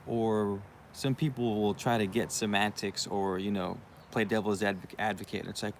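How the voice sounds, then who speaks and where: Young guy, low gravelly voice, rambling and swearing casually, bit of faint background noise. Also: moderate pace, hardly any pauses. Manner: profane, rambling, uses you know what I mean often. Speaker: channel host. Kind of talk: casual monologue.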